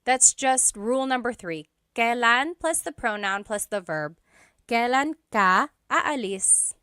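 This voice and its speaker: A woman teaches an online language lesson, taking her time and repeating each phrase slowly so learners can follow. Her voice is bright and clear, recorded close and dry, and she laughs lightly now and then between explanations. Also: on the high side, expressive, no echo.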